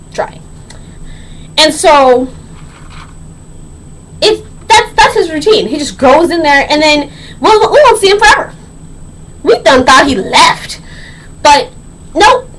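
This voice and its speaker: Young woman vlogging, sassy slangy storytelling, high and bouncy voice. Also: big pitch swings, slow, long pauses, a bit bright, slight background noise, poor audio. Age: young adult. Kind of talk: casual storytelling vlog.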